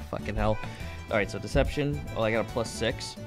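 A man's voice: on the low side, moderate pace, over music. A man playing a tabletop game, chatting and joking in a wry, casual way. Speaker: player. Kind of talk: casual chat.

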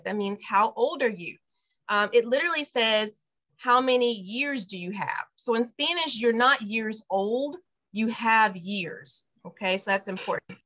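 Bright-voiced woman teaching Spanish to parents. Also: a little high, lively intonation. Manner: upbeat, explains slowly and models phrases. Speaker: bilingual preschool director teaching parents. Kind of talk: online Spanish lesson for parents. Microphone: video call.

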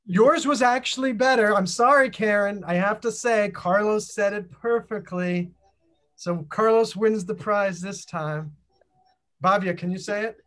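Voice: mid-range voice, a little slow, fairly bright tone. A host leading a group through a casual chat on a video call, playful and full of questions.

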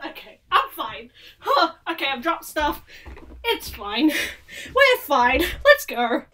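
A woman hosting her own channel, giving excited reaction commentary on a TV episode; she gasps and shouts often and keeps apologizing. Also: high voice, slow.

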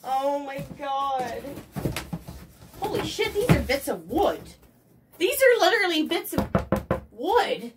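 An excitable woman with a fairly high, lively voice talks slowly through an unboxing, gushing and swearing as she goes. The home recording is noisy, with cardboard and plastic crinkling behind her. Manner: excitable, swears and laughs, gushes about the package. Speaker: vlogger. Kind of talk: casual unboxing vlog.

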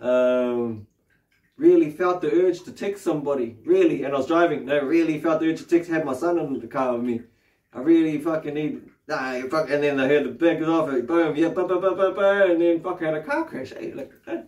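A man's voice: on the high side, moderate pace, darkish tone. A man with a New Zealand accent teaching meditation in a loose, casual way, swearing freely and tagging his sentences with questions. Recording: roomy, distant mic.

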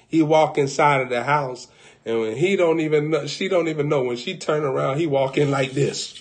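A man preaching, telling a comic story in an animated, colloquial way. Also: mid-range voice, moderate pace.

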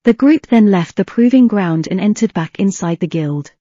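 A woman narrating a fan fiction audiobook with a steady reading pace and an occasional slip. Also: medium pitch, normal speed, no echo, highs cut off.

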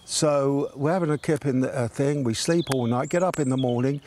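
A man's voice: medium pitch, fairly quick, a little mellow, a little hiss or hum. An older man telling a funny story in a chatty way, laughing as he goes and acting out the voices of the people in it. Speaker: guest telling an anecdote. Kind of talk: casual storytelling.

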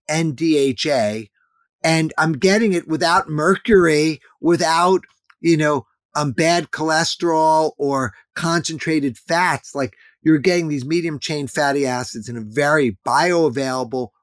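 A man's voice: fairly high pitch, measured pace, no room sound. Man, fifties, interview guest, emphatic, dry close sound. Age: 50s. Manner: earnest, emphatic, repeats key points. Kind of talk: interview conversation.

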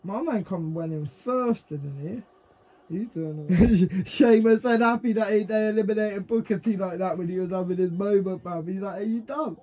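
A man talks through a reaction video in casual, excitable bursts, swearing freely and calling out to the screen. His voice sits high and sounds husky. The recording is dull and lo-fi. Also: moderate pace. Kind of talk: casual live reaction commentary.

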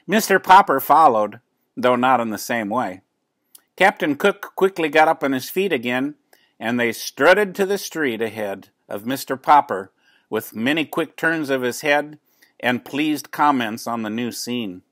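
An older man, a grandfather, reading a children's book aloud at home and pausing to explain words. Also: mid-range voice, animated, dry recording, studio quality. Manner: gentle, explains words as he reads. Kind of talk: children's storybook read-aloud.

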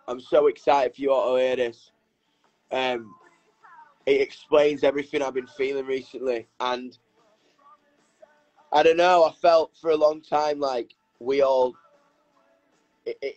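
A young man with a British English accent, hosting a casual livestream chat from a hotel room on his phone, energetic, excitable and sweary. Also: mid-range voice, muffled recording.

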